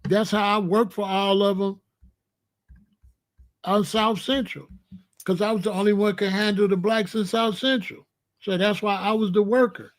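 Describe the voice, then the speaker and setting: High-voiced man from Chicago telling stories. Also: moderate pace, long pauses. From Chicago, USA. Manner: animated, slangy, acts out the other people's lines. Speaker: show host. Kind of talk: casual storytelling monologue.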